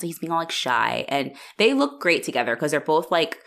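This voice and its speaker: A woman's voice: low voice, animated, moderate pace, gravelly, fairly bright tone. A woman co-hosting a podcast in casual chat, recapping a TV episode, acting out the characters' lines and laughing often. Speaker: podcast co-host.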